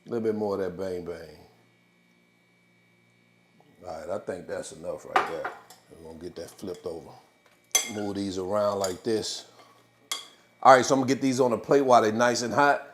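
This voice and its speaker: A man's voice: on the low side, steady tone, normal speed, pauses often, noisy background. A man hosting a casual cooking video, talking viewers through the dish in a laid-back way and hyping the food. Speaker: cooking channel host.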